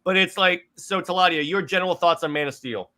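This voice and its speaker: A man's voice: high-pitched, a little fast, pushed and bright. A man hosting a casual movie discussion, eagerly recapping scenes and often stumbling over his words as he restarts. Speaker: podcast host.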